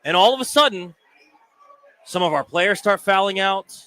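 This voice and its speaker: Brief: male sports radio co-host, bright, sharp tone, high voice, playful and teasing. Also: lively intonation, moderate pace. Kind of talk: casual sports talk banter. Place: sports bar.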